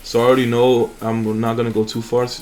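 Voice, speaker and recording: A man's voice: medium pitch, flat delivery, quick pace, darkish tone, slight background noise. A young man hosting a mobile game channel, chatting casually and rambling with fillers and restarts over his gameplay.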